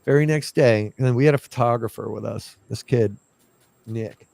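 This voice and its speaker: A man's voice: mid-range voice, moderate pace, vocal fry. A man casually telling a ghost story from his investigations, acting out what he and others said. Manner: animated, acts out his own past lines.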